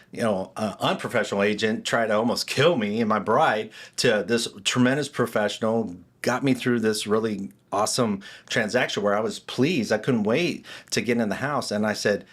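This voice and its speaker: A man's voice: fairly low pitch, breathy edge. A middle-aged man telling his story as a podcast guest, acting out the voices of people he quotes. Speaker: guest, real estate agent. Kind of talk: storytelling interview.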